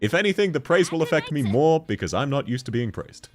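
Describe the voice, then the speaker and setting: A man's voice: a little high, sing-song, unhurried, soft background music. A young man chatting casually on a game livestream, joking, laughing often and reading chat messages aloud. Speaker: streamer.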